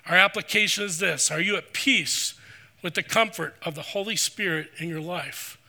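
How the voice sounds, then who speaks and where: Pastor, male, middle-aged: high, very bright sermon delivery, earnest. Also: creaky. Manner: earnest, preacherly, slows for scripture. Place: church sanctuary.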